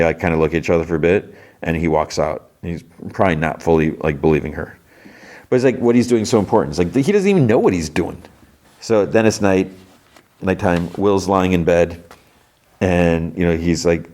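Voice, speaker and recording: A man with a very low voice talks through a TV episode, recapping it scene by scene. His delivery is loose and rambling, full of filler words and restarts, like a casual podcast host catching listeners up. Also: a little fast, darkish tone.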